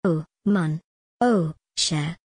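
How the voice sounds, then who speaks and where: A woman's voice: low-pitched, very slow, a little mellow, breathy edge, no echo, clean studio sound, full character voice. A woman reading the lines of a lovesick customs officer who sighs and mixes in French words.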